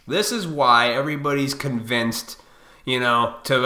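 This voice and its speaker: A man's voice: medium pitch, sing-song, a little slow, sharp tone. Profane ranting man in an echoey room. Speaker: vlogger. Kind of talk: ranting monologue to camera.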